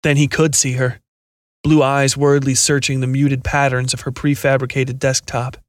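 A man narrating a scripted science fiction horror story in a steady, measured reading. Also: medium pitch, no echo, studio quality.

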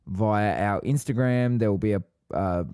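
A man's voice: fairly low pitch, normal speed, dark tone, clean tone, dry recording, clean studio sound. A man co-hosting a casual podcast, teasing and playful in banter. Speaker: podcast co-host.

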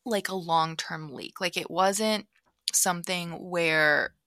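A bright, forceful-sounding woman in her thirties talks casually on her podcast, full of "um" and "like", sometimes dropping to a hush as she acts out her own thoughts. Her voice sits a little low and comes across dry and close, with no room sound. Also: takes it slowly, dry recording. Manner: chatty, many fillers, acts out her own thoughts in hushed asides. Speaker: podcast host. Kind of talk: casual solo podcast storytelling. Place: home basement office.

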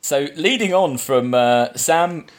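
A man co-hosting a relaxed film podcast, talking loosely and repeating himself. He fills gaps with "yeah" and trails off into restarts. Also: a little high, slow, a crowd in the background. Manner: chatty, rambling, lots of yeahs and restarts. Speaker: podcast co-host running a quiz. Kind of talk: casual film podcast chat.

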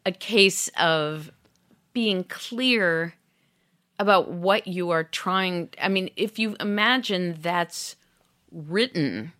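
A woman's voice: on the low side, takes it slowly, fairly bright tone. A woman author as an interview guest, speaking thoughtfully and trailing into asides. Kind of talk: conversational interview.

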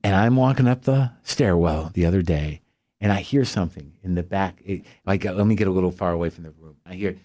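A man hosting a podcast, telling a profane, ranting comic story in an animated way. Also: low voice, a little fast, dry recording, studio quality. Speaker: podcast host. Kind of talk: comic monologue.

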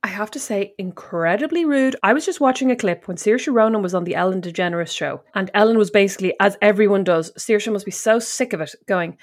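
A woman's voice: mid-range voice, brisk, hardly any pauses. A woman in her thirties with an Irish accent, co-hosting a podcast in casual chat and telling stories with mock indignation. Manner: animated, mock-indignant storytelling. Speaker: podcast co-host.

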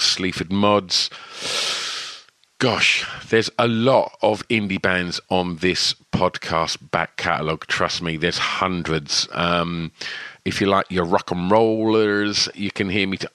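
Deep-voiced man with a lisp. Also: bright, forceful tone, no echo. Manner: rambling, self-deprecating, chatty. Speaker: podcast host. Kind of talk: casual podcast intro. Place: home shed.

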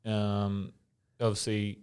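A man's voice: lowish voice, slow, smooth. A young Australian man, an ex-footballer, telling stories in casual podcast chat, swearing freely. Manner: swears freely, animated storytelling. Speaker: podcast co-host, former footballer.

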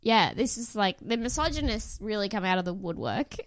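A woman's voice: mid-range voice, lively intonation, a little fast, dry recording, studio quality. A young woman, co-hosting a podcast in a loose, giggly way with lots of fillers. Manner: giggly, rambling with many fillers. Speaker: podcast co-host. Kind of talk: casual chat.

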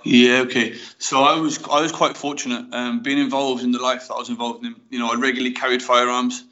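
A man's voice: mid-range voice, level tone, quick pace, bright, forceful tone. A young man with a Black Country accent, telling his story frankly and casually as a guest in a podcast interview. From West Midlands, England. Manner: chatty and frank, with many fillers like "mate" and "you know". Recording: slightly dull lo-fi audio.

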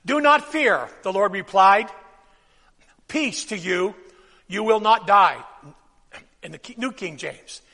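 High, bright-voiced preacher in a reverberant hall. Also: male voice, animated, takes it slowly, pauses often. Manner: preaching with sudden loud bursts and hushed drops; has the congregation repeat phrases. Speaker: pastor. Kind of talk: sermon.

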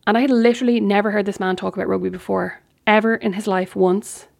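Chatty Irish woman with gravelly fry. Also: medium pitch, fairly even intonation, quick pace. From Ireland. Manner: candid, chatty, acts out quoted dialogue. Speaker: podcast host. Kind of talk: casual storytelling monologue.

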